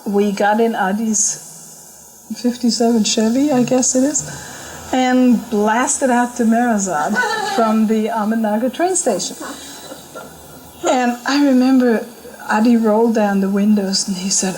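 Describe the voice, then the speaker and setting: A middle-aged woman with a fairly high voice recounts a personal story in casual spoken memoir style. She laughs often and acts out the voices of the people in it, with lively energy. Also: a little slow, low-quality recording. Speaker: storyteller recalling a spiritual journey. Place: talk at a spiritual center.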